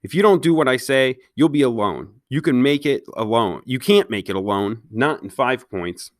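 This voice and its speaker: A man's voice: mid-range voice, expressive, moderate pace, dry recording, close to an everyday voice. A man voicing a cocky, bossy street-gang boy who barks orders and threats in a dry read-aloud. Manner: bossy, brusque.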